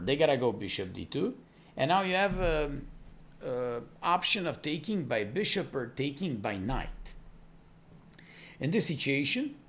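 Lively man explaining chess moves. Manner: animated, rapid move lists with frequent fillers and pitch jumps. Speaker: chess teacher. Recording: faint background noise.

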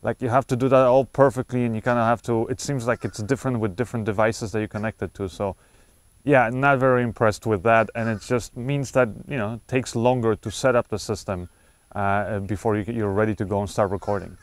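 A gear reviewer with a low-leaning, steady voice talks a little fast on a dry recording made with a wireless lavalier clipped to his shirt. He casually reviews a wireless microphone, explaining its settings with frequent fillers and restarts.

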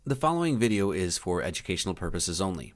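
A man hosting his own video, calmly narrating a scripted joke and introduction. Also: deep voice, fast talker.

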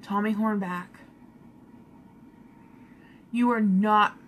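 A woman's voice: medium pitch, steady tone, drawn-out words, fairly bright tone, a little hiss or hum. A woman hosting a casual live makeup stream, exasperated and laughing along.

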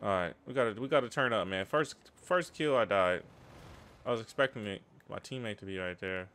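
A young man giving live, slangy, excitable commentary over his own shooter gameplay. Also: on the low side, a little fast. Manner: excitable, slangy, trash-talking. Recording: game gunfire behind the voice.

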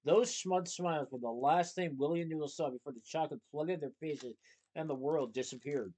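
A man reads a children's novel aloud in a steady, expressive narrating voice. His pitch sits a little above the usual for a man. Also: a little fast, rough recording. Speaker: storybook reader.

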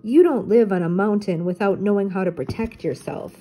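A woman reading aloud and voicing a confident young mountain local who speaks briskly and matter-of-factly. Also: medium pitch, dark tone, breathy edge, natural voice, low-quality recording.

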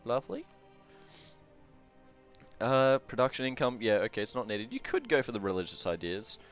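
A man's voice: medium pitch, very animated, normal speed, soft background music. A young man giving casual, rambling game review commentary, swearing often and offhand. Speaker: gaming commentator.

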